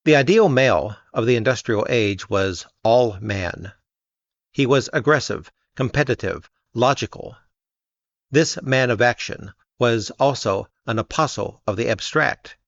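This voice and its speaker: A man reading an essay aloud in a measured, even narration. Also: mid-range voice, vocal fry, dry recording. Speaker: reader. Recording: dull lo-fi dry recording.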